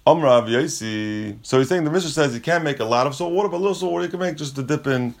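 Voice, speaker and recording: A man's voice: a little high, quick pace. A man teaching a Talmud lesson, reading Aramaic lines and explaining them casually in English. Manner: casual, restates points, frequent restarts.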